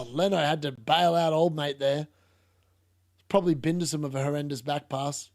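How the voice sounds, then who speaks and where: A man's voice: fairly high pitch, moderate pace, creaky, darkish tone, no echo, studio quality. A young man streaming a live football watchalong, chatting casually, laughing and reading out chat. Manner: casual, chatty, laughs often, uses "mate".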